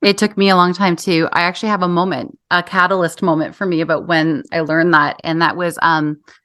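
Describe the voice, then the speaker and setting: A woman's voice: on the low side, flat delivery, fairly quick, fairly bright tone, no room sound, studio quality. A woman in her thirties hosting an interview, telling a personal story in an earnest, conversational way. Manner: earnest storytelling, acts out quoted voices. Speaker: podcast host.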